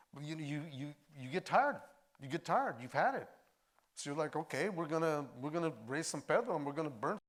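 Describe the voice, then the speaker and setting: An older actor and filmmaker, a man, telling stories in a lively way at a post-screening discussion, acting out voices as he goes. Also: on the high side. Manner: animated storyteller, acts out voices. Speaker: actor and filmmaker, interview guest.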